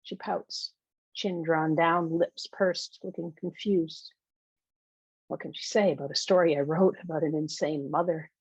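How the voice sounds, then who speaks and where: A woman, the author, reading her own novel aloud in a measured, intimate storytelling manner. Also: low-pitched, steady tone, breathy edge, dry recording, rough recording.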